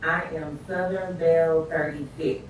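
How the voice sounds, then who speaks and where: A woman's voice: deep voice, steady tone, a little slow. A woman in her thirties, a dating show guest, answering politely and briefly. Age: 30s. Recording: echoey, distant, faint noise.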